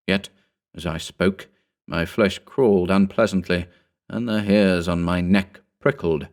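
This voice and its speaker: Male horror narrator, low voice, slow brooding reading. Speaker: audiobook narrator.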